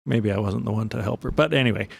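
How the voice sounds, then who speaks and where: A man's voice: on the low side, fast talker, creaky, breathy edge, dry recording. A man co-hosting a business podcast, telling stories in a joking, casual way with lots of restarts. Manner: storytelling, joking, many restarts. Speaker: podcast co-host.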